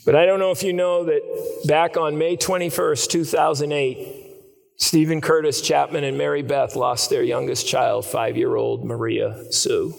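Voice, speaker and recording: A man preaching a sermon, telling a story dramatically and swinging between hushed and raised passages. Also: on the high side, level tone, moderate pace, gravelly, in a large hall, soft background music.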